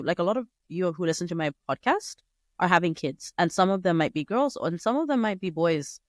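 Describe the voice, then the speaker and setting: A young woman hosting a solo podcast, talking in a chatty, digressive way with sudden jumps up in pitch. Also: no room sound, clean studio sound. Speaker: podcast host. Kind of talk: casual solo podcast monologue.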